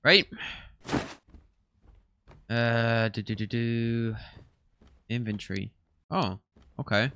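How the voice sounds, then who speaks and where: A young man commenting as he plays a horror game, jumpy and swearing and yelling when startled. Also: mid-range voice, slow, pauses often, slight background noise. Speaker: gaming streamer.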